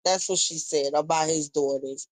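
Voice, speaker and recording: A woman's voice: sits low, steady tone, normal speed, no room sound, poor audio. A young woman, chatting casually on a live stream, reacting to viewer comments and retelling gossip. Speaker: livestream host.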